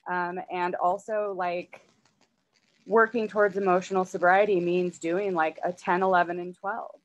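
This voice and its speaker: A woman's voice: fairly low pitch, steady tone, moderate pace. A woman sharing in a gushing, tearful way at an online recovery meeting, often saying "like" and "you know". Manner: gushing, tearful, many fillers of like.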